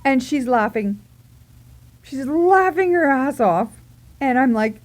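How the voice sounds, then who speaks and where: A woman telling a funny story from her own life, chatting at an unhurried pace in a slightly high voice. She keeps giggling and acts out her own reactions as she goes. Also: expressive. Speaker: vlogger. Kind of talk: casual storytelling.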